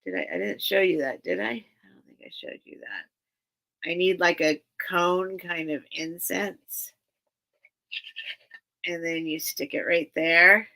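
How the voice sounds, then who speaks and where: Woman livestream seller, raspy fry under a bright voice, rambling and sincere. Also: fairly low pitch, a little slow, long pauses. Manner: rambling and earnest, many restarts. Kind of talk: casual livestream chat with viewers.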